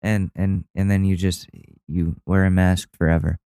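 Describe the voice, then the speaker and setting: A man hosting a podcast, reacting to online clips in a loose, mocking way with plenty of swearing and laughter. His voice sits low and mellow, smooth in tone, recorded dry and close. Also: little pitch movement, moderate pace, no echo. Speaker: podcast host. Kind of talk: casual commentary on viral clips.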